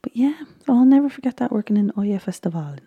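A young Irish woman chatting casually as she recaps a baking show, rambling and often slipping into soft whispers. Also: a little high, lively intonation, fast talker, husky, dry recording, phone-quality sound. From Ireland.

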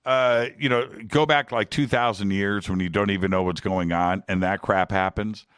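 A man's voice: on the low side, steady tone, normal speed, a bit bright, clean tone, no echo, studio quality. A man hosting a talk show, chatting with his guest in an emphatic, eager way. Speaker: radio talk show host. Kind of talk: conversational interview.

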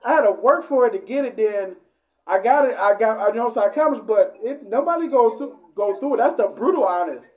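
A man argues in a casual podcast chat, rushing his words and circling back with repeated phrases. The recording sounds dull and lo-fi. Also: very high-pitched, animated. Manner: fast, repetitive, interjecting.

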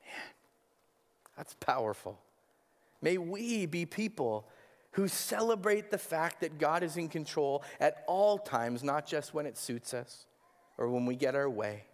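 A man's voice: on the high side, lively intonation, measured pace. A male pastor preaching a sermon, earnest and probing, asking his listeners rhetorical questions. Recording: hall with long reverb.

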